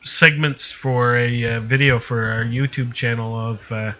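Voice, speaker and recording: A man's voice: medium pitch, fairly even intonation, a little slow, pushed and bright, rough recording. A man, co-hosting a casual podcast from his house, easygoing and repeating himself as he talks. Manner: easygoing, repeats and restarts phrases. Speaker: podcast co-host. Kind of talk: casual chat.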